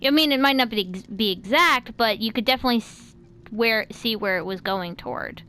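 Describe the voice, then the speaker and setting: A woman's voice: on the high side, a little fast, sharp tone, a little hiss or hum. An American woman hosting a casual chat, talking in loose sentences full of fillers and restarts. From United States. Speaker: host.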